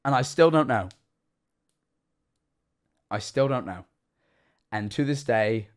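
A tipsy man in his twenties streaming live, rambling through a story, jumping from loud outbursts to hushed asides. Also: mid-range voice, expressive, takes it slowly, pauses often. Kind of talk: casual live-stream chat.

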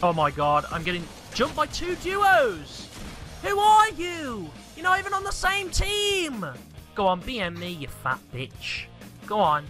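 High, frustrated shouting gamer man. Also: huge pitch swings, unhurried. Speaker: gaming streamer. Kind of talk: raging gameplay commentary. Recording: game music behind voice.

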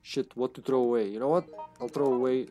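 A man's voice: mid-range voice, fairly even intonation, fairly quick, dark tone, faint music behind. A man streaming a game live, giving casual commentary, joking, laughing often and talking to his co-op partner.

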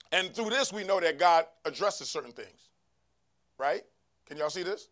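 A man preaching a sermon to a church congregation, calling for responses from the crowd and rising to shouts. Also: fairly high pitch, lively intonation, normal speed. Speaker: pastor. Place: church sanctuary.

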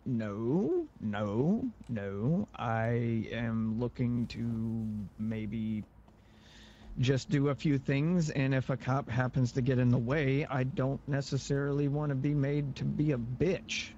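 A man's voice: mid-range voice, slow, dark tone, dull audio, slight background noise. A man in a video-game role-play, telling a rambling story and acting out both sides of its quoted dialogue.

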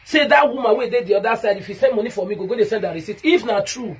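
Nigerian lady venting on a video, super husky voice, talks fast and keeps repeating herself. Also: a little high. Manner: aggrieved, repetitive, addressing a rival directly. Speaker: vlogger. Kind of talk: direct-to-camera rant video.

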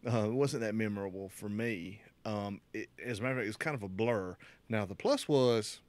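A man's voice: lowish voice, fairly quick, no echo. A man in his thirties co-hosting a casual podcast chat, joking and laughing often. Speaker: podcast co-host.

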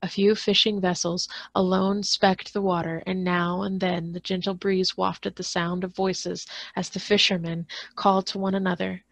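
Gravelly-voiced librarian reading aloud. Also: female voice, lowish voice, moderate pace, few pauses, dry recording. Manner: steady reading with occasional restarts on hard words. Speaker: school librarian.

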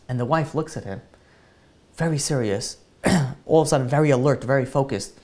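A man's voice: on the high side, brisk. A man, a rabbi, tells a long story in a sermon, acting out the voices with lots of fillers. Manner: animated storyteller, acts out dialogue, many fillers.

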